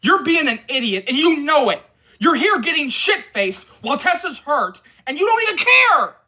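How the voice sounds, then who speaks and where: A man voicing a protective young male friend who scolds and yells at a drunk companion. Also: very high-pitched, lively intonation, moderate pace, pitched above the performer's own voice, heavily acted. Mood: scolding, shouting. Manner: yelling, scolding.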